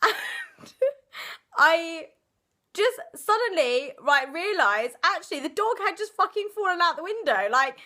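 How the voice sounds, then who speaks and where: A woman's voice: very high voice, expressive, normal speed, bright, forceful tone. A young woman, chatting through a storytime vlog, giggly and full of fillers. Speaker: vlogger. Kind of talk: casual storytime chat.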